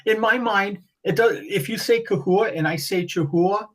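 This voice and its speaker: A man talking as a guest on a podcast, animated and rambling, often restarting his sentences. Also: high voice, moderate pace, low-quality recording. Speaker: guest breeder. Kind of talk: casual podcast conversation.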